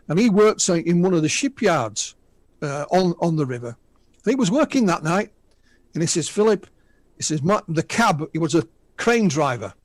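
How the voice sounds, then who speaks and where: A man in his sixties from the north of England, speaking with a Northern English accent, his voice pitched fairly high with no room sound. He's a guest UFO researcher on the radio, casually retelling witness stories and tossing in asides.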